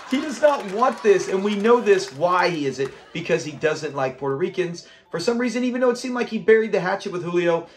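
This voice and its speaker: A man from Southern California casually recapping a sitcom episode, chatty and quick to laugh as he acts out the lines. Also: high-pitched, a little hiss or hum. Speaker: host of a sitcom review channel.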